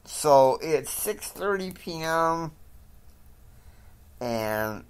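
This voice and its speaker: Slow, halting male storyteller. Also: fairly high pitch, lively intonation, smooth. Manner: halting, rambling, with many fillers. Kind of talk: improvised spoken story.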